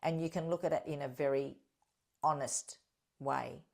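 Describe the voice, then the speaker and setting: A woman's voice: sits low, steady tone, normal speed, vocal fry. A woman hosting a solo podcast, talking in an earnest, direct and encouraging way and checking in with her listeners. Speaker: podcast host and healing coach.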